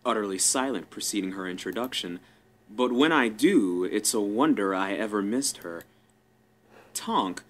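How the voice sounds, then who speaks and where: A man's voice: fairly low pitch, a bit bright. Man narrating a story wryly. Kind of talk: first-person story narration.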